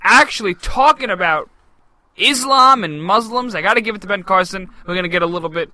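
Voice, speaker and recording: A man's voice: high-pitched, sharp tone, dry recording, low-quality recording. A young adult man co-hosting a political podcast, brash and joking in casual banter. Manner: brash, joking, quick talker. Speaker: podcast co-host.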